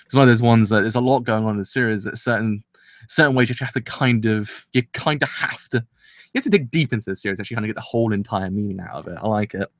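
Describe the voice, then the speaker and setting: Fast-talking guy rambling about anime. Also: lowish voice, dry recording, clean studio sound. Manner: rambling, excitable, full of restarts and "kind of". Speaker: anime reviewer. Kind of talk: casual episode review.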